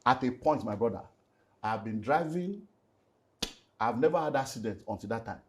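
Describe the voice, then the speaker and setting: Nigerian pastor telling a painful story. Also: male voice, medium pitch, expressive, moderate pace, slight background noise. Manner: emotional, rising to loud emphatic bursts. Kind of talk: candid personal testimony in conversation.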